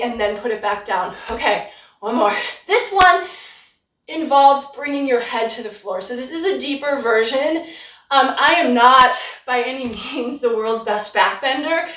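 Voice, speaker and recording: A woman leading a guided yoga class from home, giving relaxed, encouraging cues while slightly out of breath. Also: sits high. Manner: relaxed, encouraging cues with light self-deprecation. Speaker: yoga instructor. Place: home practice room. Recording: roomy sound from a distant mic.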